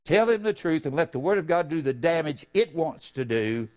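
An older man preaching a fervent sermon, drawing out key phrases slowly and breaking into sudden loud, high outbursts. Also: very animated.

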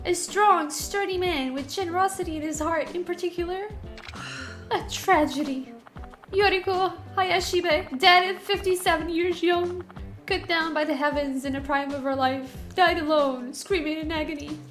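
A woman's voice: very high-pitched, moderate pace, a bit bright, faint music behind. A woman voicing a melodramatic older woman who begs for help in a folksy, theatrical way. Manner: folksy, theatrical, calls him sonny.

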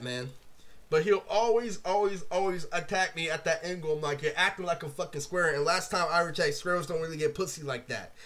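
A young man vlogs a rambling rant to camera, heavy on profanity and packed with "like" and "literally." His fairly high voice sounds pushed and bright.

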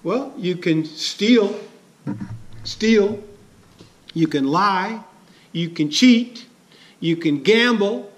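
A man's voice: sits high, expressive, very slow, long pauses. A man preaching a sermon as a pastor, conversational and chuckling, asking his listeners questions.

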